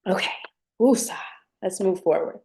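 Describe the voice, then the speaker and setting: Gentle, warm-voiced spiritual host woman. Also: lowish voice, measured pace. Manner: gentle, affectionate, heartfelt. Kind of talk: live-streamed spiritual talk with chat.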